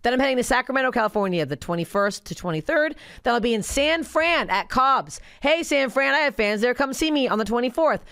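A Canadian woman hosting a podcast in casual chat, brash and swearing freely, with loud bursts. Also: on the high side, lively intonation, fairly quick, creaky, hardly any pauses, clean tone, no room sound, clean studio sound. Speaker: podcast host.

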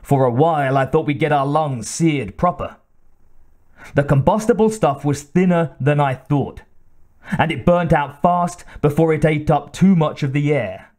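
A man's voice: a little high, measured pace, a little mellow, lightly acted. A man voicing a weary, blunt male ship engineer who reports damage in a tired, matter-of-fact way.

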